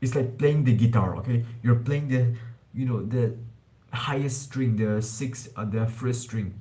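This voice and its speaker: A mellow, medium-pitched male voice at a measured pace, recorded with poor audio. He's live-streaming casually about self-improvement, rambling loosely, calling listeners bro and swearing now and then.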